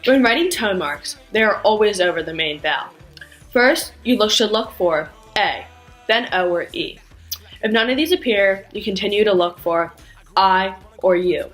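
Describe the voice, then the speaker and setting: A woman giving a scripted language lesson, speaking carefully and acting out sounds with exaggerated pitch swings. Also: animated, a bit bright, soft background music, rough recording. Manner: slow, careful, demonstrates tones with exaggerated pitch. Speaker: language teacher.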